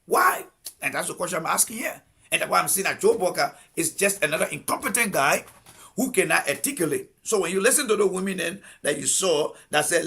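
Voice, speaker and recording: Liberian guy ranting on his stream, high gravelly husky voice, keeps firing questions. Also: expressive, brisk, pushed and bright. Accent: Liberian English. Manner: combative, repeats rhetorical questions. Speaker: political commentary host. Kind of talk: live-stream political commentary.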